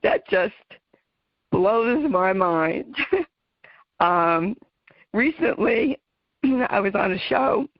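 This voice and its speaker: A middle-aged American woman talks to her radio listeners, heartfelt and quick to laugh. She speaks slowly and takes her time. The recording is muffled and dry, with no room sound. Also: mid-range voice, animated, no echo. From United States. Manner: heartfelt, emotional, laughs often. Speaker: radio show host. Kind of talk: personal talk to listeners.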